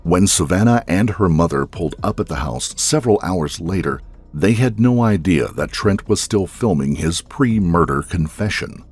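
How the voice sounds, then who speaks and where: Deep husky man narrating true crime. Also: animated, darkish tone, faint music behind. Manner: measured storytelling delivery.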